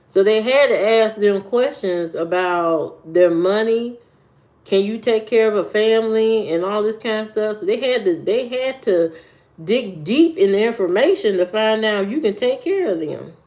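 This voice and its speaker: A woman's voice: mid-range voice, animated, a little slow, darkish tone. A woman from Indiana chatting on a livestream and answering viewers, rambling and repeating her phrases. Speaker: livestream host.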